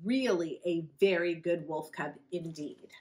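A woman's voice: fairly low pitch, measured pace, warm tone, natural voice. A woman voicing a big toothy female wolf in a picture book, gushing and sweetly coaxing. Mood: delighted.

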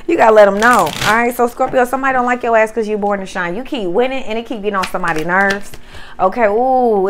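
A woman reads tarot cards for her viewers in a loose, profane, animated way. Her voice sits a bit high and swings widely up and down as she talks. She speaks directly to the listener the whole time. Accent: Southern US. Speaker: tarot reader. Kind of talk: casual tarot reading.

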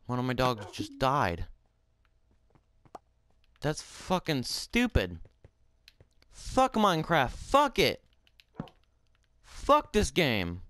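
A man giving casual gameplay commentary, swearing and shouting in frustration, then talking softly to his in-game pet. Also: medium pitch, wildly swooping pitch, drawn-out words, long pauses, slight background noise.

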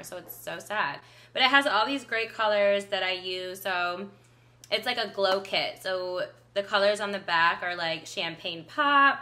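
A woman's voice: medium pitch, bright, forceful tone. A young woman chatting casually through a makeup routine as a beauty vlogger, full of filler likes. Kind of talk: casual makeup tutorial chat.

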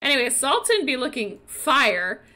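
Bright, lively woman streamer chatting. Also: sits high, measured pace. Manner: chatty, rambling, full of "like" and laughter. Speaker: gaming streamer. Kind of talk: casual let's-play commentary.

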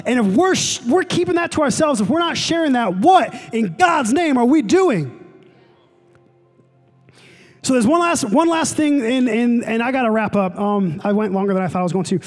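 A young man preaching a sermon to a college ministry, casual and excitable with lots of fillers. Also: very high-pitched, fast talker, hardly any pauses. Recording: long hall reverb, faint music.

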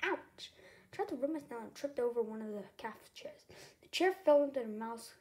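Woman reader, children's storybook, dramatic, high-pitched and very animated. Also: moderate pace. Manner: expressive, dramatic read-aloud. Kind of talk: reading a children's storybook aloud.

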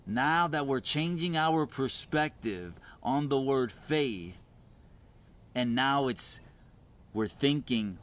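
A man's voice: medium pitch, expressive, slow, fairly bright tone. A man teaching on faith in an informal, earnest and enthusiastic way, with frequent restarts and fillers.

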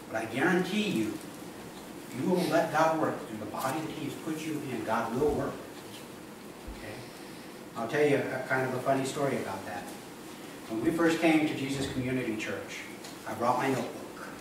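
A man, the pastor, giving a conversational sermon with joking asides to his congregation in a church. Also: mid-range voice. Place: church sanctuary. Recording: echoey room, voice from far off, noisy.

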